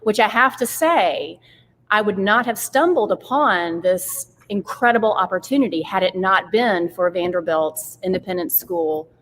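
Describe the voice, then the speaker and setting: A woman's voice: medium pitch, lively intonation, normal speed, fairly bright tone. Earnest woman guest in reverberant room. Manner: earnest, articulate, some fillers. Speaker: guest, curriculum director. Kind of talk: interview conversation. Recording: long reverb, faint background noise.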